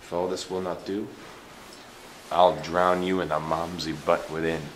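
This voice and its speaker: A man's voice: low-pitched, flat delivery, unhurried, background noise. A man doing a sneering hired killer. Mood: mocking. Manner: curt, sardonic, mocking laughs. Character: blunt hired male assassin, cold and mocking. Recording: roomy church echo, faint ambience.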